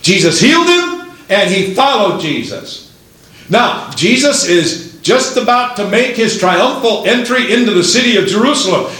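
A man's voice: high voice, expressive, moderate pace, fairly bright tone, very echoey, rough recording. A man preaching a fervent sermon and reading scripture aloud in old-fashioned wording.

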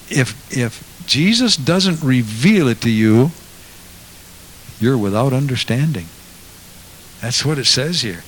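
A man preaching a sermon as a pastor, moving from quiet asides to loud, impassioned passages. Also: mid-range voice, slight background noise.

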